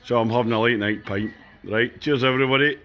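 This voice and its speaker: A man's voice: medium pitch, fairly even intonation, fast talker, muffled recording. A Scottish man chatting casually as a travel vlogger, touring and commenting as he goes. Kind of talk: casual travel vlog narration. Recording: music playing loudly behind.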